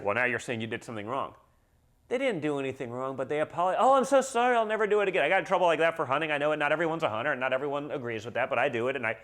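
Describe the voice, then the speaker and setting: A man hosting a casual livestream, talking bluntly and combatively and reading out viewer comments. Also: medium pitch.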